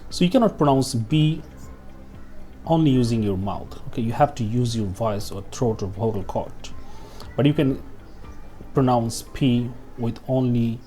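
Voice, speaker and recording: A man's voice: medium pitch, mellow. A man teaching English pronunciation, saying example words twice, checking in with "okay?", and stopping now and then to cough. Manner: slow, repeats example words, tags "okay?" often. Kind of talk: pronunciation lesson.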